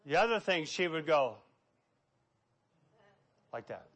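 A man's voice: a little high, sing-song, slow pace, a bit bright. A man preaching a sermon, reading scripture aloud and acting out quotes with a dramatic, preachy delivery. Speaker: pastor.

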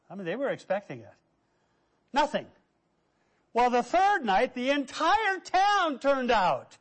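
A man preaching a sermon, telling stories with lively quoted voices and quiet asides. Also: high-pitched. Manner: animated, quotes figures in raised voice, drops to quiet asides. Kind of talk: sermon storytelling.

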